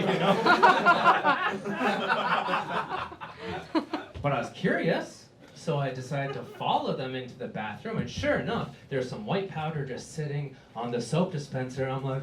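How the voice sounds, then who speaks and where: A young man doing a stand-up comedy set in a club, self-deprecating and animated, with sudden loud shouts. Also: high-pitched, normal speed, a crowd in the background. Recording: echoey club room, mic at a distance, audible noise.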